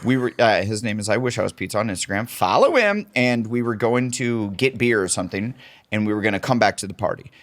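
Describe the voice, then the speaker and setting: A man's voice: on the low side, lively intonation, fast talker, a bit bright. A middle-aged man co-hosting a podcast, telling a long, profane anecdote in casual chat and acting out the quotes. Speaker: podcast co-host.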